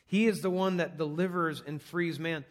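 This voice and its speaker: A man's voice: fairly high pitch, fairly even intonation, moderate pace. A man preaching an earnest, conversational sermon, walking through numbered points on a scripture passage. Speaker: pastor.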